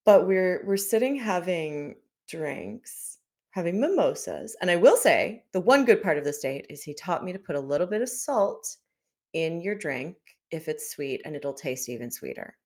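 A woman in casual chat, telling an animated story about a bad date and mimicking the man's lines. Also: on the low side, moderate pace.

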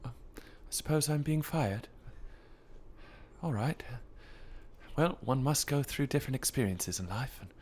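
A man putting on a soft, prim Paddington. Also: medium pitch, expressive, unhurried, long pauses, slightly rough. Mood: resigned. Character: gentle polite young male bear, naive and calm.

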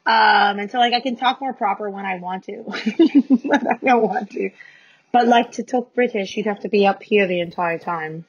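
A woman with a Canadian accent in casual conversation as a co-host, frank, profane and quick to laugh. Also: mid-range voice, breathy edge, highs cut off. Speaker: podcast co-host. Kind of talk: casual chat.

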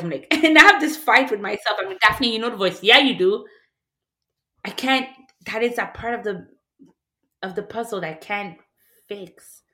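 A woman's voice: mid-range voice, bright, forceful tone. A woman in a candid, casual conversation, talking in an emotional, reflective way with many fillers.

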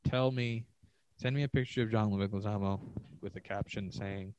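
A man's voice: lowish voice, fairly even intonation, normal speed, a little mellow, no echo, lo-fi sound. A man who is a comedian and hosts a podcast, riffing alone in a rambling, profane, self-mocking way. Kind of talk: solo podcast monologue.

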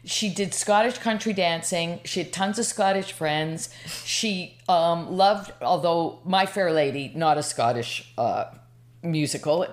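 A woman's voice: fairly low pitch, a little slow. A woman in her sixties from Canada, a podcast guest telling a personal story in a rambling, emotional way. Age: 60s. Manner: rambling, emotional, lots of restarts.

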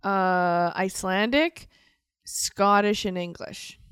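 A woman in casual chat, hesitant and soft-spoken. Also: medium pitch, takes it slowly, clear, resonant tone, dry recording, studio quality.

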